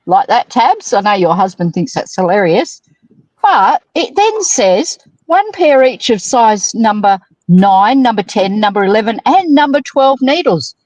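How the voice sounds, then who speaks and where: Woman, livestream host, cheeky and crude, slightly high voice, dry close sound. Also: darkish tone, no echo, rough recording. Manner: cheeky, teasing, crude jokes. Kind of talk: casual chat.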